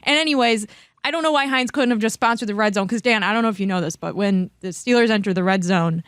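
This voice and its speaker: A woman's voice: medium pitch, quick pace, clear, resonant tone, no room sound, clean studio sound. A woman regular on a sports talk show, chatting casually and with enthusiasm.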